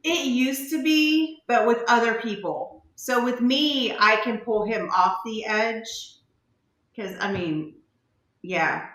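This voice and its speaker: A woman co-hosts a podcast, her bright voice carrying in an echoey room. She talks in a dry, matter-of-fact way. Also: on the high side, takes it slowly. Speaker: podcast co-host. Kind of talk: casual chat.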